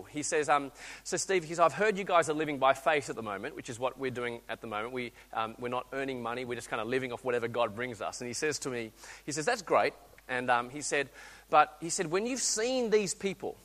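A man, preaching a sermon, telling stories animatedly and acting out voices, with frequent restarts. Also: fairly high pitch. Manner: animated storytelling, acts out voices, restarts often. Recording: long hall reverb.

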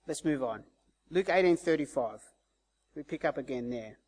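Conversational preacher, higher voice. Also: male voice, expressive, moderate pace, darkish tone, slightly rough. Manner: conversational, acts out quoted voices. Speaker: pastor. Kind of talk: sermon.

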